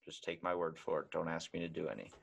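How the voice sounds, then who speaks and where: A man's voice: deep voice, steady tone, fast talker, vocal fry, breathy edge. A man hosting a podcast in casual chat, joking and irreverent, swearing freely. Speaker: podcast host.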